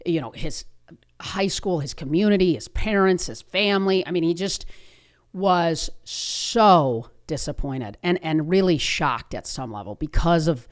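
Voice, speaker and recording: Female podcast host, warm motivational storyteller with emphatic energy. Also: fairly low pitch, lively intonation, measured pace.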